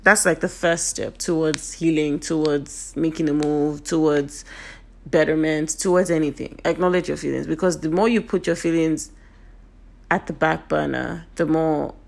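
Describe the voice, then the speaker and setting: A woman's voice: low-pitched, steady tone, moderate pace, creaky, darkish tone. A woman from Nigeria, giving an earnest, emphatic motivational talk to her viewers, repeating her key points, her voice a little off today. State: voice a bit off today.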